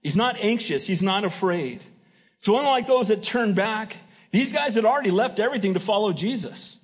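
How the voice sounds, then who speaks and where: Husky-voiced male preacher. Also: sits high, lively intonation, moderate pace. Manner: emphatic, keeps asking the congregation "Amen?"; folksy and joking. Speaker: pastor. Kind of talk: sermon.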